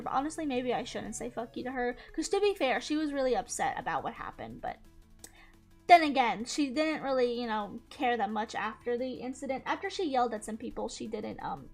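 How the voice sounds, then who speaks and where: Young woman, high voice, casual storyteller, swears often, faint music bed. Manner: animated, swears freely. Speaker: YouTuber.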